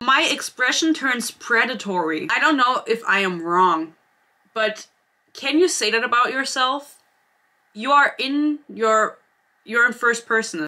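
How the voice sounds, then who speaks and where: A woman's voice: mid-range voice, pushed and bright. A woman giving a casual book review vlog, sarcastic and blunt, often giggling.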